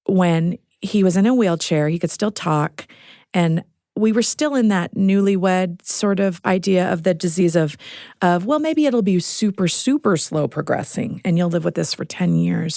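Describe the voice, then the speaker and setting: A woman's voice: on the low side, vocal fry, mellow, no room sound, studio quality. A middle-aged woman, a guest in an interview, telling a personal story with earnest feeling. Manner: earnest, storytelling, at times choked up. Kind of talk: emotional interview.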